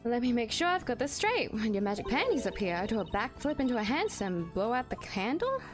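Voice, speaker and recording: An anxious young woman lawyer from a visual novel, talking fast and fretting, her voice highish and lively, as a woman gamer reads her lines. The delivery stays close to an everyday voice. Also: over music. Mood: fretful. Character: young woman defense attorney, earnest, anxious.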